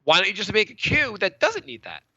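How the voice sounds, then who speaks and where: Man in his thirties, podcast co-host; rambling, animated, bright edge, slightly high; lo-fi dry recording. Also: fairly quick, husky, no echo. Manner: rambling, animated, many restarts and stammers. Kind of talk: casual chat. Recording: dull lo-fi dry sound.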